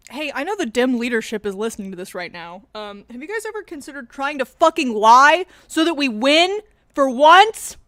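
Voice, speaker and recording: High-pitched woman streamer ranting about politics, sarcastic, swears a lot, mutters then gets loud. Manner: sarcastic, profane, swings from mutters to loud rants. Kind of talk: casual livestream commentary.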